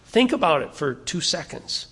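A male pastor delivering a sermon with a slightly higher-than-usual voice, warm and conversational yet earnest. He keeps firing rhetorical questions at his listeners and doubles back on phrases for emphasis. His voice carries a long reverb from a church hall. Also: very animated, normal speed, breathy edge. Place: church sanctuary.

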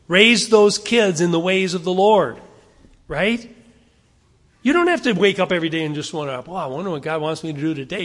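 A male pastor preaches with earnest exhortation, his voice sitting a little higher than most men's. He leans on rhetorical questions and pushes his listeners to action. A long reverb trails behind him in the church. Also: a bit bright. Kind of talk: sermon.

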